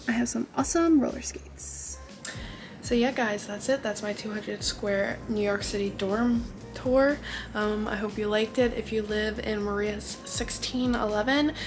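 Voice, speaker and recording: Her voice is mid-range and steady, her pace measured: a college student in her early 20s vlogging a casual tour of her small dorm room. She's chatty, says "like" often, and mentions being winded, while music plays beneath.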